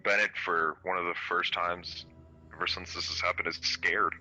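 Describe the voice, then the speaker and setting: A man's voice: deep voice, little pitch movement, sharp tone, muffled recording, soft background music. A young man playing his character in a tabletop game, emotional in character. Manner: slow, emotional in-character talk. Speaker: player.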